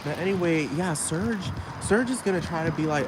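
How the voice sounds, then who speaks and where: A man's voice: on the high side, normal speed, few pauses. Profane, gossipy man ranting outdoors. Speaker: vlogger. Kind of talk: casual rant to camera. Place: city street outdoors. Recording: noisy outdoor street recording.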